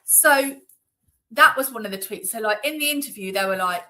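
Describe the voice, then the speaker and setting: A woman's voice: high-pitched, huge pitch swings, moderate pace, sharp tone, rough recording. A woman being interviewed, talking in a chatty, indignant way with lots of fillers. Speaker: interview guest. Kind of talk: conversational interview. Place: Northamptonshire.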